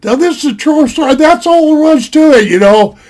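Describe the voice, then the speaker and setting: Older man, 70s, high-pitched, folksy, rambling storytelling, desktop mic at home. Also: animated, fairly quick, darkish tone. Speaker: storyteller vlogger. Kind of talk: casual spoken storytelling. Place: his home. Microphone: desktop computer mic.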